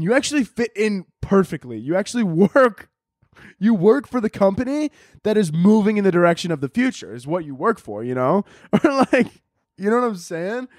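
A man's voice: on the high side, a little mellow, no room sound, studio quality. A young man hosting a podcast, ranting in a casual comedic monologue, laughing often, swearing and mocking people in quoted voices. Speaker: podcast host.

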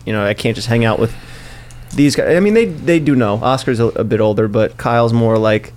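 A man's voice: medium pitch, fairly quick, a little mellow. A young man hosting a casual podcast chat, joking and swearing as he tells a story. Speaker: podcast host.

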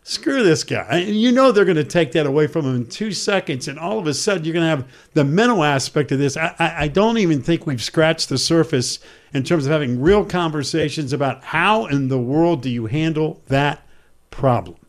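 A man's voice: fairly high pitch, expressive, a little fast. Earnest man host, pressing concerns. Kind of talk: conversational sports talk.

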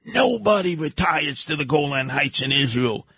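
A man's voice: fairly high pitch, very animated, moderate pace, creaky, pushed and bright, slight background noise. A man hosting a talk radio show, giving combative, sarcastic commentary. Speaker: radio host.

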